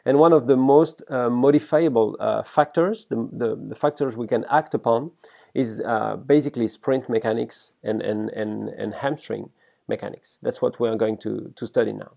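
A middle-aged French man with a French accent, giving a recorded workshop lecture as a professor, halting with many fillers and restarts. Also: medium pitch, fairly even intonation, gravelly, mellow. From France.

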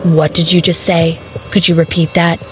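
A woman's voice: fairly low pitch, normal speed, faint music behind, close to an everyday voice. A woman voicing a cold, curt husband. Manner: quiet, firm, curt. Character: cold, stern rich young husband.

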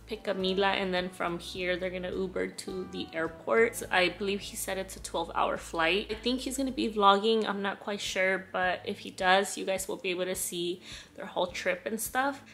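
A young woman, a mother, talking casually and emotionally to her vlog audience, gushing and repeating herself, with soft music underneath. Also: medium pitch, gravelly. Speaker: family vlogger, mother.

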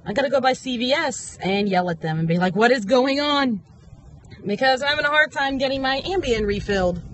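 A woman's voice: animated, quick pace, a little hiss or hum. A young woman in casual vlog chat, telling her day in a chatty, upbeat way. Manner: chatty and upbeat, high baby talk to her dog. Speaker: vlogger.

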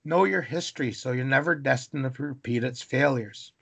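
Gravelly-voiced man from British Columbia, animated interview guest who acts out the people in his stories. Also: medium pitch, normal speed. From British Columbia, Canada. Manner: animated, dramatic storyteller acting out voices. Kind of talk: storytelling in conversation.

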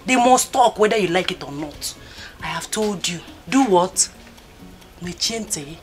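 A woman's voice: lowish voice, lively intonation, unhurried. A woman playing a coaxing, teasing Nigerian sister. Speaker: comforting sister. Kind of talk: Nollywood film acting. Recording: music playing under the dialogue.

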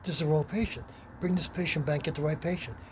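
A man's voice: fairly high pitch, fast talker, darkish tone, close to an everyday voice. A man quoting an urgent, insistent female x-ray technician. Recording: noisy background with vehicle sounds.

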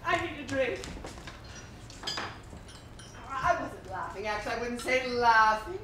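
An actress playing a vain, insecure stage star who is tipsy, speaking in a theatrical, self-mocking, giggly way. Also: female voice, a little high, lively intonation, fairly quick, background noise, lightly acted. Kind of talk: live stage play acting. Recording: roomy stage sound from a distant mic.

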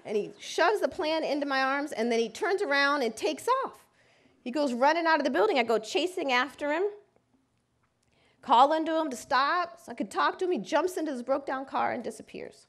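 A woman's voice: high-pitched, lively intonation, a little fast, a bit bright. A woman lawyer giving a lecture, telling a personal story vividly and dramatically. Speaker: civil rights lawyer and speaker.

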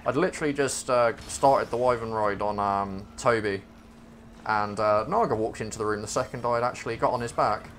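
A man's voice: on the low side, a little fast, fairly bright tone, a little hiss or hum. A man playing a game with a friend, teasing him dryly and mock-arguing in casual chat. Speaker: co-op game player. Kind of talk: casual gaming banter.

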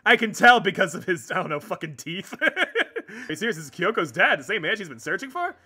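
Young male let's-play streamer, high and very lively voice, reads game lines aloud, swears and laughs a lot. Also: fairly quick, husky.

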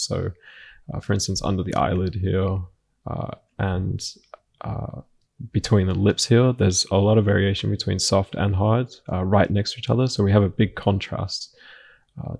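A man teaching a painting lesson, narrating his work in a relaxed way, thinking aloud with frequent fillers and restarts. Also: low voice, creaky, slightly rough. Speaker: painting instructor. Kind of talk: narrated screen-recorded art lesson.

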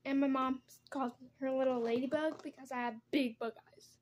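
A woman's voice: high-pitched, steady tone, a little fast, darkish tone, a little hiss or hum. A young woman chatting casually as she does her makeup at home, rambling from one topic to the next. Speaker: vlogger. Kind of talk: casual get-ready-with-me chat.

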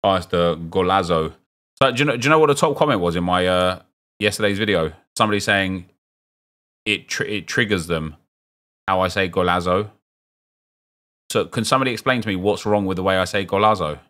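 A young man streaming a football game, chatting with viewers and reacting loudly to what he opens. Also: low-pitched, fairly quick, pauses often. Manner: chatty, reads chat aloud, gets loud and excited at good pulls. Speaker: gaming streamer. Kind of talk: live stream commentary opening game packs.

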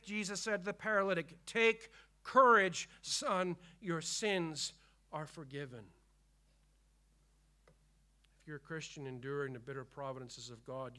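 A man preaching a sermon as pastor, emphatic and repetitive, dropping to hushed tones and rising again. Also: mid-range voice. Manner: emphatic preaching, swinging between hushed and loud; repeats key phrases for emphasis. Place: church.

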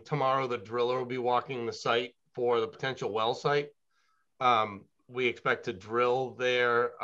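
A consultant talking through projects with a client board in a meeting, hedging often and filling pauses with "um" and "you know". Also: male voice, medium pitch, pushed and bright, lo-fi sound. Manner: thoughtful, hedging, many fillers. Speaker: engineering consultant. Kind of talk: business meeting talk.

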